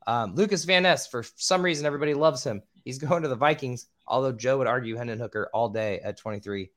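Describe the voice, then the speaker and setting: A man hosts a loose podcast chat, mid-pitched and a little squeaky. He talks casually, trips over hard names and swears freely. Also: quick pace, a bit bright. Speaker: podcast host.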